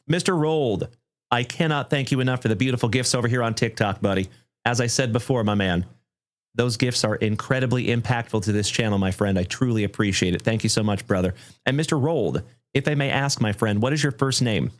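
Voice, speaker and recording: A man hosting a livestream trading card break, thanking viewers effusively and calling out cards with excitement. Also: medium pitch, a little fast. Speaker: live card break host.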